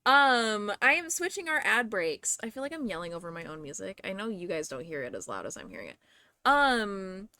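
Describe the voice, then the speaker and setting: A woman's voice: mid-range voice, sing-song, normal speed, sharp tone, clear, resonant tone, no room sound. A young woman hosting a livestream at home, chatting and ranting casually with frequent swearing, a little out of breath. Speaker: livestream host. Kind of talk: casual chat to viewers.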